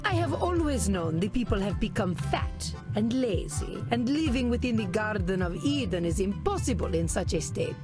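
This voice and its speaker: Actress as an imperious Italian-accented vampire noblewoman, scornful and formal, lively pitch, music under. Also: moderate pace, few pauses, close to an everyday voice. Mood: haughty. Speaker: therapy patient. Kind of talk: video game voice acting.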